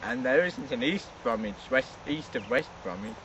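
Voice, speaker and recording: A man's voice: medium pitch, lively intonation, normal speed, fairly bright tone, distant mic, a little hiss or hum. A man voicing Cyril, a gloomy odd man who mutters his complaints. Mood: glum. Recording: lo-fi outdoor camcorder from afar.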